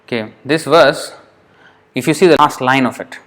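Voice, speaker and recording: A man teaching an informal lesson on verse pronunciation, patient, often restarting and sounding words out slowly syllable by syllable. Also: medium pitch, a bit bright. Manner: frequent restarts, thinking aloud.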